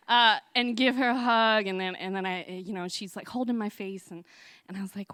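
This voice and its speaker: Woman, live stage storytelling, chatty, laughing, bright tone, dry sound. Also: medium pitch, moderate pace, no room sound. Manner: lively, laughing, chatty with many fillers.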